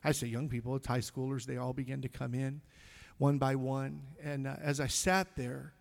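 A middle-aged male pastor telling a story in a sermon, emotional and halting, with sighs and passages that drop almost to a whisper. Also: mid-range voice, flat delivery, vocal fry. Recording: long hall reverb.

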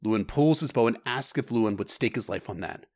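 A man narrating a casual story recap with relaxed phrasing and occasional stammered restarts. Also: lowish voice, a little fast.

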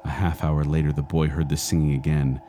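A man's voice: extremely low pitch, fairly quick, slight background noise. A middle-aged man co-hosting a podcast, telling a spooky story and chatting casually. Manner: dramatic hushed storytelling, then lively chat. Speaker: podcast co-host.

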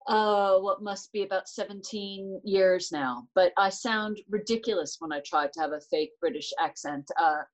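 A woman in her forties with an American accent, talking thoughtfully as an interview guest, with frequent pauses and restarts. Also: mid-range voice, rough recording. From United States. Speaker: interview guest, transport director. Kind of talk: casual interview chat.

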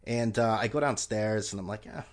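A man's voice: on the low side, normal speed. A man hosting a solo podcast, ranting in a rambling, sarcastic way with frequent swearing. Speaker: podcast host. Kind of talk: casual solo podcast rant.

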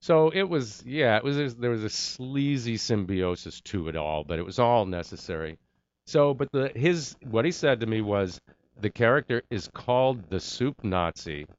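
A man's voice: mid-range voice, lively intonation, normal speed, highs cut off. A middle-aged man telling a casual story about his acting career, acting out the voices of the people he quotes.

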